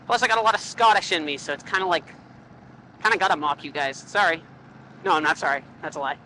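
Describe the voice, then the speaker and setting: A Canadian woman rides a motorcycle along country roads, joking, swearing, and rambling into a helmet mic as a vlogger. Her deep voice comes quick, bright, and forceful, though the audio is poor with slight background noise.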